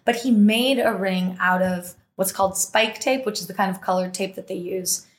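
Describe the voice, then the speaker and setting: A woman of medium pitch speaks at a normal speed while hosting a podcast recorded with a roomy echo. She's animated as she spins a long personal story, laughing a lot and voicing what others said.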